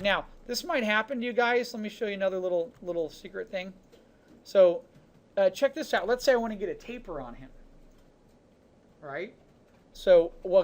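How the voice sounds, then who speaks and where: A man teaching a 3D modeling class, talking casually through each step of a software demonstration with chatty asides. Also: high voice. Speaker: 3D modeling instructor. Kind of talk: live software demonstration lesson.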